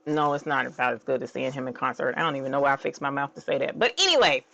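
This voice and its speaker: Gravelly-voiced woman crafter. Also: very deep voice, fast. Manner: bubbly and excitable, squeals and laughs. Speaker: crafting channel host. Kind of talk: casual live craft stream. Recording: dull, slightly lo-fi sound.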